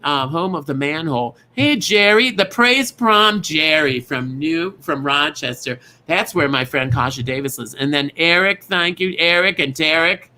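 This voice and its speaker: A man's voice: on the high side, measured pace, hardly any pauses, pushed and bright. A man hosting an online bingo show, chatting as he greets viewers by name in a gushing, rambling way. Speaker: bingo game host. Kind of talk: live-streamed host greeting viewers.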